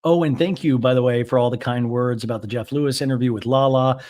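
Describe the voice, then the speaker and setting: A man's voice: steady tone, fast, darkish tone. A man hosting a casual recap podcast, talking in a chatty, rambling way and thinking aloud. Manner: mimics cast members in high mocking voices. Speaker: podcast host.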